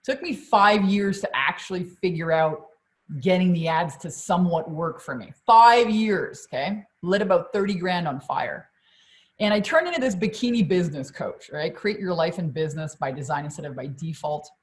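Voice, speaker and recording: A woman's voice: on the low side, moderate pace. A woman business coach on a live stream, talking energetically to her audience, swearing freely and often checking in with "okay?" and "you guys". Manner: energetic, profane, keeps addressing the audience.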